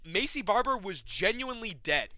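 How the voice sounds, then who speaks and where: A man hosting a fight recap, with a high, bright voice that rants in an agitated, profane, animated way. He speaks from a room at home with friends. The sound is dry and close, with little room echo. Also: moderate pace. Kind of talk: casual ranting recap.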